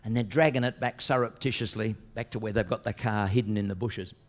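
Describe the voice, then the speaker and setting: A man's voice: on the low side, steady tone, fairly quick. An Australian man from Western Australia, telling stand-up jokes and stories and slipping into put-on voices and accents. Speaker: comedian.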